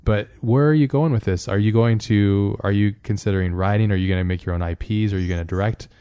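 A man hosting a podcast, casual and enthusiastic, firing off questions in quick succession. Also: fairly low pitch, warm tone, smooth, no room sound, dull audio. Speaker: podcast host.

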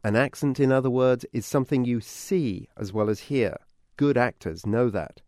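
Casting: British male reporter, even mid pitch, dry studio sound. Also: normal speed, no room sound. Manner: chatty, often laughing. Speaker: radio reporter. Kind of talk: radio news feature narration.

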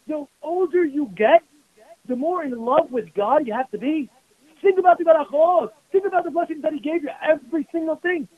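A man's voice: extremely high pitch, brisk. A rabbi giving a passionate sermon, mixing Hebrew terms into his preaching. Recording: tinny phone-like radio broadcast.

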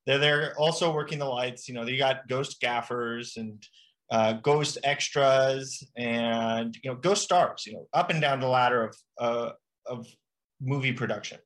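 A young man with a bright, sharp-edged voice co-hosts a comedy podcast, lecturing on made-up nonsense as though he were an authority. He rambles through fillers and restarts. His pitch sits in an ordinary, middling range. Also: a little slow. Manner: faux-expert, rambling with fillers. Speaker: podcast co-host. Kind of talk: improvised comedy podcast chat.

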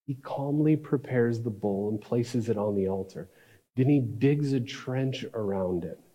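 A man preaching a sermon, telling a story with dramatic shifts between loud and hushed delivery. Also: mid-range voice, slightly rough. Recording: reverberant hall.

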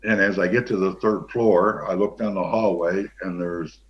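Older male guest, deep voiced, easygoing anecdote teller. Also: moderate pace. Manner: relaxed, rambling, with many fillers. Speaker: guest, former pro football player. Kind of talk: anecdotal storytelling. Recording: dull lo-fi sound.

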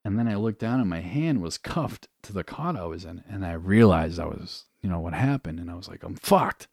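A young man from New Hampshire recounts his own past as a guest, in a low voice. He talks casually and swears freely, often stopping on fillers. The sound is dry and close, with no room echo. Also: lively intonation, gravelly, darkish tone, breathy edge. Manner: casual and profane, halting with fillers. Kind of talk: candid personal storytelling.

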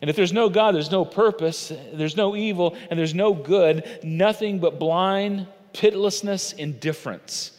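In a large hall, a pastor delivers a sermon in an earnest, conversational way, addressing his listeners directly. His voice sits high and is slightly mellow, and he speaks unhurriedly with hardly any pauses.

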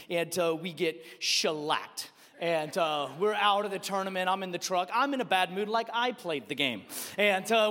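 A male pastor, animatedly telling a personal story as he leads into his sermon in a church. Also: sits high. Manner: animated storyteller, quick asides. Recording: long reverb of a large hall.

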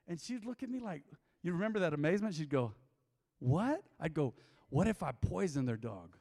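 A middle-aged man preaching as a pastor, telling a confessional story with jokes, then leading an altar call, his voice swinging from loud to hushed. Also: on the high side, animated, a little fast. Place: church sanctuary. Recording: long hall reverb.

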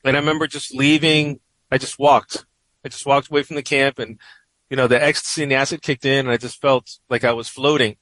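A man's voice: medium pitch, fairly bright tone, no room sound, poor audio. A man in his forties from New York, a guest columnist telling a personal story in a radio interview, reflective and rambling with many "you know"s.

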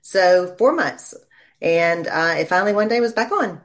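Lady lawyer in her 40s, chatty storyteller, lowish voice. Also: moderate pace. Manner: chatty storyteller, animated when quoting people. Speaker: lawyer and legal commentator. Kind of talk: casual interview chat.

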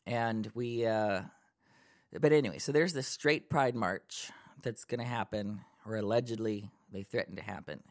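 A man's voice: fairly low pitch, normal speed, a little mellow. A man co-hosting a podcast in casual chat, giving wry and earnest opinions. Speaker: podcast co-host.

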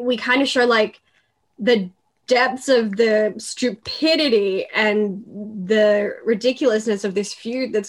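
Expressive woman hosting a movie podcast. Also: a little high. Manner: expressive, acts out quotes, swears casually. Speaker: podcast host. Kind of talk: casual movie chat. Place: remote call.

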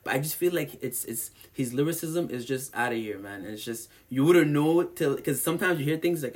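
A man talking casually about music, animated and rambling with lots of slang fillers. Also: mid-range voice, a little fast, hardly any pauses.

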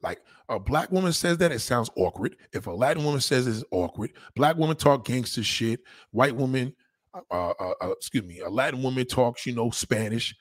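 A man with a husky, slightly rough voice delivers a casual, profane monologue, blunt and crude, at a moderate pace. His expressive pitch swings widely to hammer points home, and he often repeats himself for emphasis. The audio is dry and close, with no room sound.

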